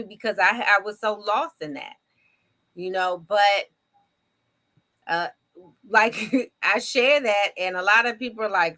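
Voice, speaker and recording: A woman's voice: medium pitch, slow pace, long pauses. A woman in her fifties co-hosting a faith talk show, sharing her testimony and encouraging listeners. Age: 50s. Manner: warm testimony, preachy encouragement. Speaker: co-host. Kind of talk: faith-based casual talk.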